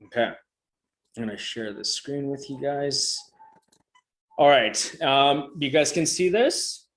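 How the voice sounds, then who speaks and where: A man's voice: mid-range voice, expressive, takes it slowly. A middle-aged man giving a motivational coaching talk over a video call, emphatic and repetitive, casual and swearing freely. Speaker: motivational coach presenting a session. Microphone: video call microphone.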